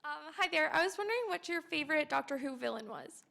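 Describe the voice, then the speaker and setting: A woman with a high, bright voice full of heavy vocal fry asks an eager question from the audience. She sounds enthusiastic. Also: animated, fast talker. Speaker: fan asking a question.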